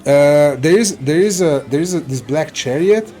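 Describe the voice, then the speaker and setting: A man's voice: fairly high pitch, animated, normal speed, warm tone, a little hiss or hum. A man narrating a tabletop game as game master, describing scenes with frequent fillers.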